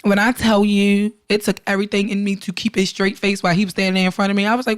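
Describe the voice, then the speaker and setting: A woman's voice: medium pitch, fast, hardly any pauses. A middle-aged woman, co-hosting a podcast and telling family stories in casual chat, acting out dialogue and laughing often. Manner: animated storyteller, acts out dialogue, laughs often. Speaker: podcast co-host.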